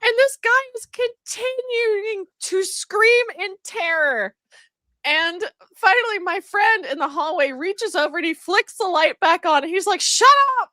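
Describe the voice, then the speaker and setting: A woman tells a story on a live stream, rambling through it with plenty of fillers and bursts of laughter. Her voice sits high and bright. The sound is dry and close. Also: a little slow, no room sound. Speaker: guest streamer. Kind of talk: casual storytelling on a livestream.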